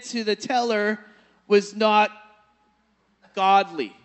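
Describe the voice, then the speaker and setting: A man's voice: sits high, moderate pace. A male pastor preaching a sermon, telling a personal story and then building to emphatic exhortation.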